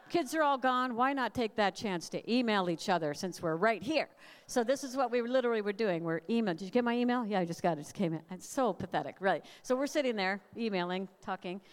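A woman's voice: medium pitch, animated, brisk. Woman preaching in an echoing hall. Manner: storytelling, conversational preaching. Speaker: speaker. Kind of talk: sermon. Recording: reverberant hall.

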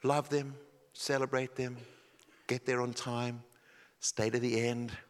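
A man preaching a sermon, telling a story dramatically and then dropping to a hushed, intense delivery. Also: mid-range voice, little pitch movement, takes it slowly. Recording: long reverb of a large hall.

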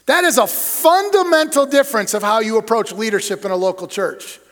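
A middle-aged church superintendent gives a sermon-style leadership talk, preaching emphatically with punchy lists and acted-out anecdotes. His voice sits high, fairly quick and a bit bright, and the recording has a long hall reverb.

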